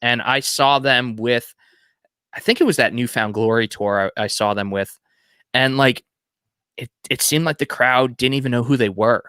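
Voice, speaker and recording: A podcast co-host chats eagerly about music, dropping plenty of "like"s in his casual talk. His medium-pitched voice moves at a moderate pace and sounds pushed, bright, and smooth, captured cleanly in a studio with no room sound.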